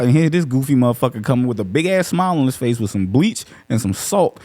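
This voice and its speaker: Animated, swearing man telling a story. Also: mid-range voice, quick pace. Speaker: podcast panelist. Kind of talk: casual profane chat.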